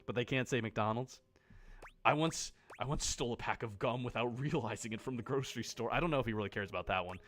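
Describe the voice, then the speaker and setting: A man's voice: medium pitch, quick pace, a bit bright. Sarcastic, jokey male streamer. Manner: sarcastic, jokey, swears often. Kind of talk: casual live-stream commentary.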